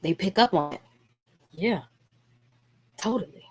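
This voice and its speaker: A woman's voice: mid-range voice, a little slow, husky. A middle-aged woman counselor leading a parenting workshop over a video call, talking casually and acting out what parents say. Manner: lively and conversational, acting out parents' lines.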